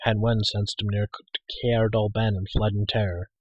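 A man voicing a weathered, wise warrior prince in a storybook reading, speaking in a measured, gently commanding way. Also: lowish voice, flat delivery, no room sound, muffled recording, lightly acted. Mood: grave.

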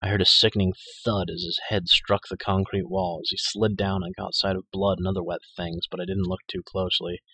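A man narrating a dark urban fantasy audiobook in the first person, with dramatic, measured storytelling. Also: low voice, little pitch movement, breathy edge, no room sound, poor audio.

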